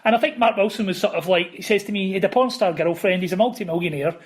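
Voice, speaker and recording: A man's voice: high-pitched, quick pace, breathy edge. A man, an author guest on a podcast, telling anecdotes in a rambling way with many restarts. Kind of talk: casual podcast interview, storytelling.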